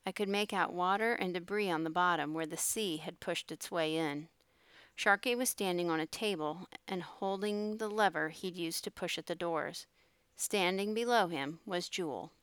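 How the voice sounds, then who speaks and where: A woman narrates an audiobook in a steady, measured manner. Her voice is low and smooth. The recording is close and completely dry. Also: no echo.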